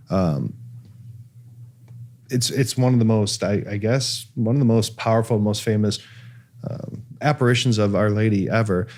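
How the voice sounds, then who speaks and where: A man from Cleveland, USA, hosts a casual talk-show podcast, his voice on the low side and a little mellow. He tells a story packed with fillers and restarts.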